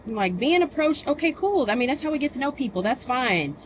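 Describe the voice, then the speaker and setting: A woman vlogging as a busy mother, telling stories in a casual, animated and exasperated way. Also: high-pitched, fairly quick, slight background noise. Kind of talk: casual vlog chat.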